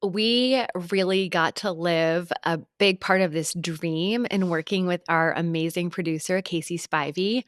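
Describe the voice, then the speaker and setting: A woman's voice: on the low side, a little slow, hardly any pauses, dry recording, studio quality. A woman in her thirties co-hosting a podcast in casual chat, reflective and affirming as she wraps things up. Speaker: podcast co-host.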